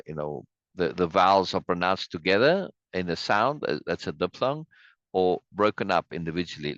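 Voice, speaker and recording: A man's voice: low-pitched, fairly bright tone, no echo, lo-fi sound. A man hosting a casual play reading, chatty and musing, with frequent asides and laughs, on a video call. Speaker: host reading a play aloud.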